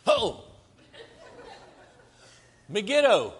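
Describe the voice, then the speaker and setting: This American man's voice is very high-pitched and gravelly, fairly bright, swinging hugely in pitch while he speaks extremely slowly. He preaches from slides in a conversational style, quizzing his listeners, and the recording has a long hall reverb.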